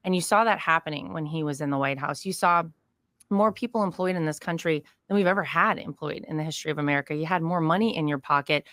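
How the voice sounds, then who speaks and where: A woman answering interview questions with steady, assertive talking points. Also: low-pitched, fast, no echo, studio quality. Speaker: interview guest.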